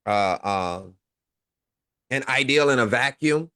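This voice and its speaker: A man's voice: medium pitch, lively intonation, slow pace, sharp tone, no room sound, studio quality. A man co-hosting a casual online talk show, talking in a rambling way with lots of fillers and chuckles. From Midwest United States. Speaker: co-host. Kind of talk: casual livestream chat.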